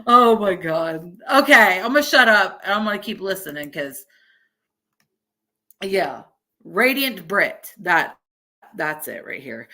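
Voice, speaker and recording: Woman, early 30s, streamer; bright, unhurried, chatty and profane. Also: medium pitch, big pitch swings. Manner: chatty, swears freely, laughs often. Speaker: streamer reacting to a video. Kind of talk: casual live-stream chat.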